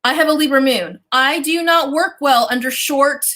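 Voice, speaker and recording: A woman hosting a casual livestream as a business coach and astrologer, chatty and animated, swearing casually and talking straight to her viewers. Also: high voice, moderate pace, low-quality recording.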